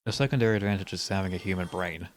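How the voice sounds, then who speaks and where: A man's voice: sits low, racing, a little hiss or hum. A male streamer giving casual, rambling commentary while playing a game, with dry, wry humor. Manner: rambling asides.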